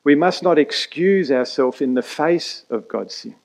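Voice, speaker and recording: A man preaching a sermon as pastor, emphatic and pausing for effect. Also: fairly high pitch, expressive, gravelly, low-quality recording. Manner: emphatic preaching with dramatic pauses and quick asides.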